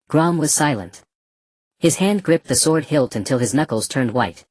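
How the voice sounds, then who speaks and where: An audiobook narrator reads from a fantasy novel, keeping an even, measured storytelling pace. Her or his voice sits in the mid-range, and there's no echo.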